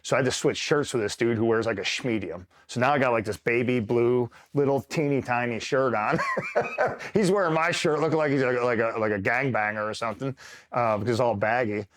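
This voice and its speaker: A man's voice: mid-range voice, fairly quick. A man from upstate New York, a retired Marine, telling a rambling war-buddy story in a casual, profane way and checking in with the listener often. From upstate New York, USA. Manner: rambling, swears freely, keeps checking in with the listener. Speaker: retired Marine, interview guest.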